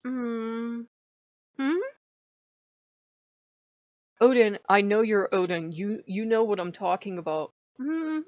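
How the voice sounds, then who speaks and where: A woman's voice: medium pitch, lively intonation, normal speed, hardly any pauses, no room sound, highs cut off. A woman talking in a casual, wry, chatty vlog monologue about her spiritual life, laughing often. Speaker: spiritual vlogger.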